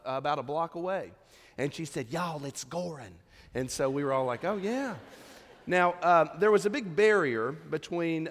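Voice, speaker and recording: A man delivers a sermon from the pulpit, easing into his message with a relaxed, conversational story. His voice sits fairly high for a man. The sound carries the long reverb of a large church sanctuary. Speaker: pastor.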